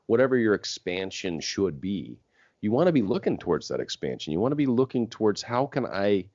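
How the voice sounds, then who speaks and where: A man's voice: deep voice, a little mellow, no room sound. A man hosting a talk show, reflectively explaining an idea to his guest in a coaching tone. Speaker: radio show host. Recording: dry, dull lo-fi audio.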